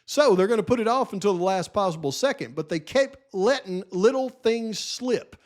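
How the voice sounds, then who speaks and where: High-voiced insistent male commentator. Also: animated, moderate pace. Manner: insistent, lecturing, emphatic; frustrated. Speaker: channel host. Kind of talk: solo true-crime commentary.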